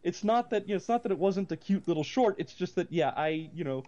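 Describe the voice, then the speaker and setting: A man, possibly middle-aged, co-hosting a casual movie chat, rambling with many restarts and breaking into animated rants. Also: high-pitched, fast, dull audio. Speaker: podcast co-host.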